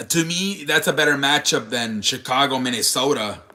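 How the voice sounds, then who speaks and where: Man, sports stream host, bright forceful voice, rambling, swears a lot, chats with viewers. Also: mid-range voice, expressive, normal speed. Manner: rambling, profane, talks to chat viewers. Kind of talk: casual live-stream sports chat.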